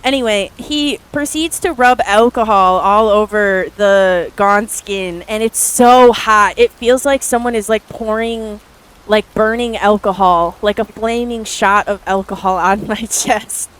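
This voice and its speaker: A woman's voice: mid-range voice, measured pace, smooth. A woman streamer chatting casually to her live viewers, rambling through stories with lots of filler words and casual swearing. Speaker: art streamer.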